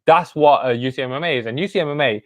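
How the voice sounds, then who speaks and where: A man's voice: medium pitch, fast, a bit bright, no room sound. A man in his twenties hosting a live stream. He chats casually and greets viewers by name with street slang. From United Kingdom. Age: 20s. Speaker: host.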